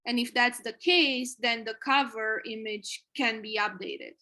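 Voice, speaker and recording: A woman's voice: on the high side, unhurried, sharp tone, poor audio. A woman on a team video call, going through app features point by point in a methodical way. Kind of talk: casual work meeting.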